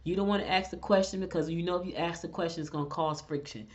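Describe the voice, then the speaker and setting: A middle-aged woman with a blend of Southern and Northern US accent, hosting and telling stories in casual chat, animated and direct. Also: fairly low pitch, fast. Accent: mix of Southern US and Northern US. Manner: animated storyteller, chatty and direct. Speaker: host. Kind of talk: casual chat and horoscope reading. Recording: dull lo-fi recording.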